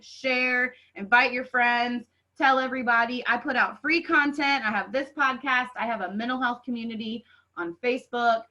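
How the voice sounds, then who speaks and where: A woman's voice: on the high side, moderate pace, pushed and bright, low-quality recording. Fired-up woman coaching. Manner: fervent, preachy, says "y'all" often. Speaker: podcast host and life coach. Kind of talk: motivational podcast monologue.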